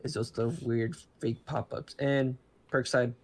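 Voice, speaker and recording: A man with a gravelly, creaky voice at an ordinary pitch, talking in a loose, rambling way. He starts over often and trails through fillers. This is casual chat between friends. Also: flat delivery, a little slow. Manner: rambling, many restarts and fillers. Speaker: podcast co-host.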